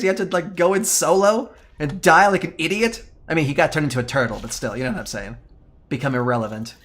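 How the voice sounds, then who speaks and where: A man's voice: sits high, fast, fairly bright tone. Profane ranting man streaming live. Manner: chatty, reads and answers chat. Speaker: game streamer. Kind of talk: casual live-stream chat.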